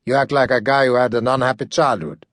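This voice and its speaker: A smug, pushy hustler voiced by a male audiobook narrator makes crude wisecracks in a middle-pitched voice. He sounds close and dry, with the even delivery of a hardboiled audiobook. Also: fast, dry recording, close to an everyday voice.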